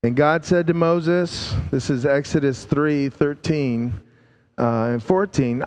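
A man preaching a sermon, slow and emphatic, drawing out key words and dropping his voice low to stress them. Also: a little mellow, in a large hall.

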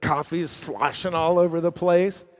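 A man preaching a sermon as pastor, swinging from loud emphasis to hushed, low endings. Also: fairly even intonation, moderate pace. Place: church sanctuary. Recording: long reverb of a large church.

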